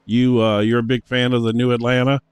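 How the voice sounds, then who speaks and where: A man's voice: medium pitch, flat delivery, a little fast, smooth, dry recording. A man co-hosting a racing broadcast in casual banter, rambling and repeating himself with many fillers. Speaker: race broadcast co-host.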